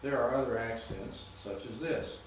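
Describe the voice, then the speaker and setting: A man teaching a class, speaking haltingly, repeating words and quizzing students as he goes. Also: medium pitch, slight background noise. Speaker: Greek teacher. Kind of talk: classroom lecture. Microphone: distant room mic. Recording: echoey classroom from far off.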